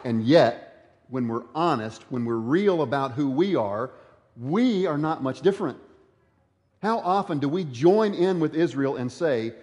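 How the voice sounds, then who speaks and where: A male pastor delivers an earnest sermon with a slightly higher voice than most men. He leans on rhetorical questions, and his words carry through a long, echoey hall. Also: animated, a little slow, a little mellow.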